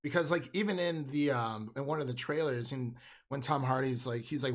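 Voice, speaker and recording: A man's voice: mid-range voice, moderate pace. Rambling man in casual film chat. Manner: rambling, many fillers and restarts. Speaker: podcast co-host.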